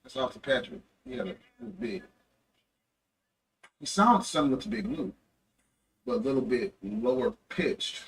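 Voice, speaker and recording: A man's voice: mid-range voice, very animated, unhurried, creaky, long pauses. A young man livestreaming, telling a rambling story in a loose, casual way and correcting himself as he goes. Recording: distant mic with faint ambient noise.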